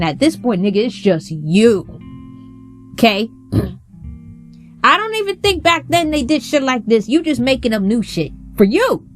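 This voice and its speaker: A woman hosting a casual commentary on a show, blunt, profane and heated as she talks. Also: fairly high pitch. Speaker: host.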